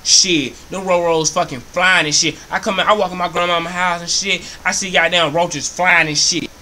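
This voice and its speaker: A young man spins a comic rant about his grandmother's house, swearing constantly and repeating himself for effect. His voice is fairly high and bright, with a forceful edge. His delivery is animated and heavy on profanity. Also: normal speed, slight background noise. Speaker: comedy vlogger.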